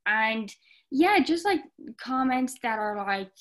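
A woman's voice: on the high side, animated, slow pace, fairly bright tone. A young Irish woman guesting on a podcast, chatting casually with lots of fillers and acting out quotes. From Ireland. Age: young adult. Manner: chatty, many fillers, acts out comments in quoted voices. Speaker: guest content creator.

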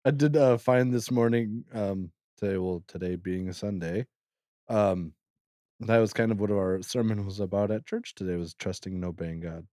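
A man's voice: on the low side, moderate pace, mellow, no room sound, clean studio sound. A man co-hosting a casual book podcast, laughing often and talking with many fillers and self-deprecating asides. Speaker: podcast co-host. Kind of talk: casual chat about a book.

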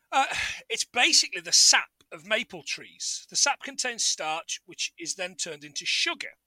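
Male podcast co-host, high and animated, sharp bright tone, casual and profane. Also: no room sound. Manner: animated, laughing, swearing, retells scenes. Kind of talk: casual chat recapping a TV show.

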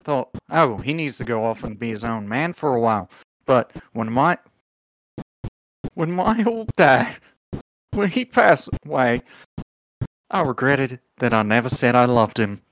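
A man's voice: medium pitch, animated, unhurried, long pauses, fairly bright tone, dry recording. A man voicing an aging male parakeet father who pleads with the son he lost. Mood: pleading. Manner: pleading, wounded.

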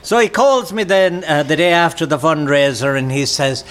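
A man's voice: a little high, moderate pace, fairly bright tone. A middle-aged Irish man, a podcast guest, telling anecdotes in a casual chat and laughing often. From Ireland.

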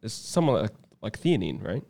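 A man's voice: on the low side, sing-song, fairly quick, vocal fry, darkish tone. A man co-hosting a casual podcast, joking and cutting in on his partner. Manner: joking, interjecting. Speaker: podcast co-host, business owner.

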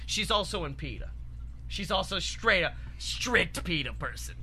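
A man co-hosting a comedy podcast, pitching an absurd story in an excitable, rambling way with heavy swearing. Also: unhurried, slight background noise. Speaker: podcast co-host.

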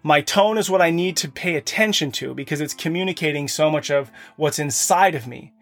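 Earnest dad podcast host, kinda high voice, talking right at the listeners from his office. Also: a little fast, soft background music. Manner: earnest, addresses listeners directly. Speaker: podcast host speaking to fathers. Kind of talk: motivational monologue. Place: home office.

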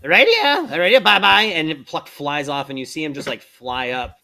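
A man's voice: mid-range voice, fairly even intonation, normal speed, noisy background. A man narrating as game master of a live-streamed tabletop game, talking casually with lots of fillers. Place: streaming setup.

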